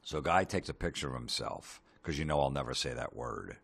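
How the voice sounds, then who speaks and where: A man hosting a comedy podcast, ranting sarcastically with lots of swearing and deadpan asides. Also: very deep voice, fairly quick, creaky, breathy edge.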